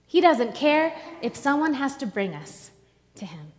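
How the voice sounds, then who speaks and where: A woman preacher delivering a sermon, telling a story slowly and dramatically with pauses. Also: sits high, very animated, long reverb tail.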